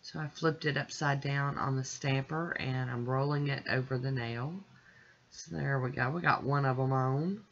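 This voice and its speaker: A woman hosting her own nail art channel, narrating a tutorial in a chatty, relaxed way as she works step by step. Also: extremely low pitch, moderate pace, hardly any pauses, dull audio.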